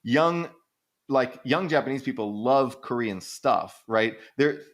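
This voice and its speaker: A man's voice: mid-range voice, slow. A man co-hosting a podcast, chatting casually and rambling through stories full of "like," casual swearing and laughs. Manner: rambling, animated storytelling with frequent "like" and casual swearing; acts out quoted people in exaggerated voices, laughs often. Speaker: podcast co-host answering listener questions.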